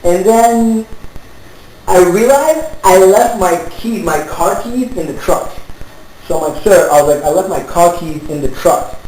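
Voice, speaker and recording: A man's voice: a little high, a little mellow. A man casually telling an anecdote to friends, swearing and acting out both sides of an argument. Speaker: storyteller among friends. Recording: very echoey room with faint ambient noise.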